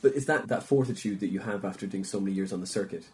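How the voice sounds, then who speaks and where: A man hosting a comedy podcast, talking enthusiastically with halting restarts as he muses. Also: fairly low pitch, darkish tone. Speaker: podcast host. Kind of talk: casual chat.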